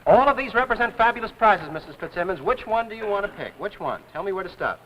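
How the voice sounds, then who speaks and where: A man hosting a live 1950s television game show with brisk, excitable patter. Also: sits high, slight background noise, rough recording.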